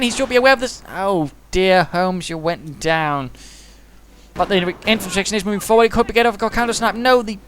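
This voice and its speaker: A man giving quick, chatty play-by-play commentary on a strategy game, with dry humour and British turns of phrase. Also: high voice, fairly bright tone, slight background noise.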